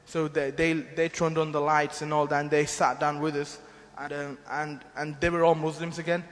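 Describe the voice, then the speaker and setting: A man's voice: a little high, flat delivery, moderate pace. A man giving an earnest, rambling church testimony, often restarting his sentences. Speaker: mission team member giving testimony. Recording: long hall reverb.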